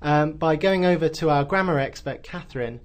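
An encouraging man hosts a radio language lesson. His voice sits a touch high and stays bright with praise. He guides the learner step by step. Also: moderate pace. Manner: upbeat and encouraging. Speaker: host of a grammar lesson.

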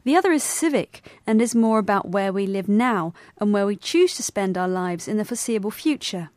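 A woman co-presenting a scripted educational podcast, explaining vocabulary clearly. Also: medium pitch, animated, fairly quick, a little mellow, no echo.

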